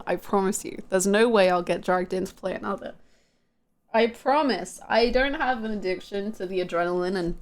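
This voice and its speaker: A woman streaming a game live, chatting casually, self-mocking and answering her chat aloud. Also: mid-range voice.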